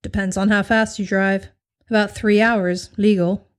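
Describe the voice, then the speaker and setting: A woman voicing a slow, terse old desert gas station owner. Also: medium pitch, level tone, close to an everyday voice. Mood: laconic. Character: weathered old rural gas station owner, laconic man.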